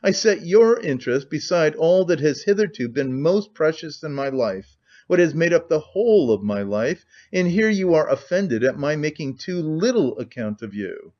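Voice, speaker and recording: A man's voice: on the high side, big pitch swings, normal speed, a little mellow, dull audio, pitched above the performer's own voice. A man reading as an earnest young woman. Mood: indignant. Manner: speaks with feeling.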